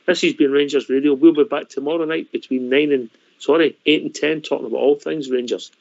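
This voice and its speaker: A man's voice: a little high, fairly even intonation, a little fast, creaky, darkish tone, dry recording. Scottish man, fan radio host, casual, dull dry audio. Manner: chatty, matey sign-offs. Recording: lo-fi dry online call audio.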